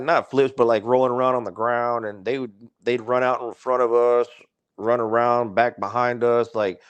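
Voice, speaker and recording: A man with a medium-pitched, clean voice, recorded with no room sound, is a guest on a podcast. He tells a story in a casual, rambling way, swearing often and saying "like" constantly.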